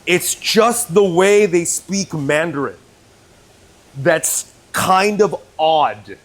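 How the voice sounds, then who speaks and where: A man's voice: a little high, lively intonation, very slow. A man from northern China hosting a cooking video in a joking, chatty way, now and then slipping into Mandarin. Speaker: cooking channel host. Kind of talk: casual cooking commentary.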